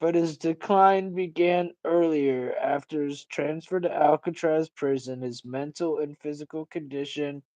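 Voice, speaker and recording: A man's voice: a little high, unhurried, hardly any pauses, dark tone, no room sound, poor audio. A man hosting a casual livestream, talking in a rambling, profane, ranting way. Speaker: livestream host.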